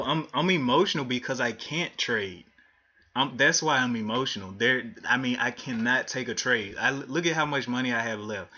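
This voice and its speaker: Man, bright voice, live trading commentary, thinking aloud, frustrated, dull lo-fi audio. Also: medium pitch. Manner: frustrated, thinking aloud while watching charts. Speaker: livestream day trader.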